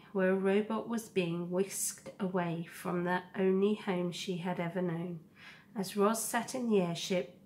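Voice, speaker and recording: A woman teacher reading a children's novel aloud to a class in a slow, steady storybook manner. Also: mid-range voice, slight background noise.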